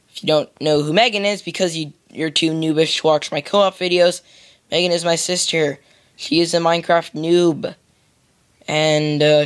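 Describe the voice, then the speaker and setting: A young American man rambling through casual gameplay commentary, goofy and full of silly "boop" sound effects. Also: a little high. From United States. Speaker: gamer.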